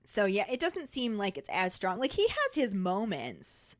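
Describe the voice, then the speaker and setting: A woman's voice: medium pitch, huge pitch swings, unhurried, dry recording. A woman co-hosting a podcast, chatting casually and acting out quoted lines. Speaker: podcast co-host. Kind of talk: casual chat.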